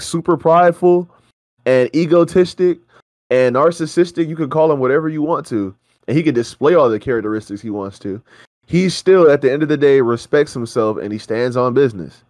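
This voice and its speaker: A man's voice: medium pitch, fairly quick, darkish tone, no room sound, studio quality. A man co-hosting a reaction show, ranting in heated, profane casual chat.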